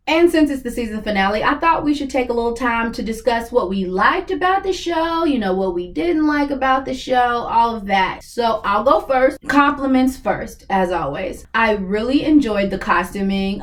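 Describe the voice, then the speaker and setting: A woman with a Kentucky Southern accent, hosting a casual, opinionated TV review and rambling through her asides. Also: mid-range voice. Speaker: TV reaction channel host.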